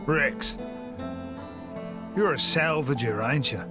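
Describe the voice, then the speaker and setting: An actor playing a blunt, world-weary middle-aged mercenary captain in a video game, with a broad, exaggerated Australian accent and a rough drawl. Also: male voice, a little high, slow. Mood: gruff. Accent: broad exaggerated Australian (Bogan). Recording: game audio with music behind.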